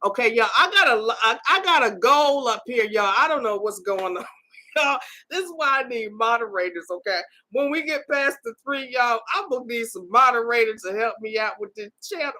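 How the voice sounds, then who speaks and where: A woman's voice: on the high side, expressive, normal speed, bright, forceful tone. A middle-aged woman hosting a live-streamed faith podcast, talking casually and exhorting her listeners, often tagging her lines with "okay?" and "y'all.".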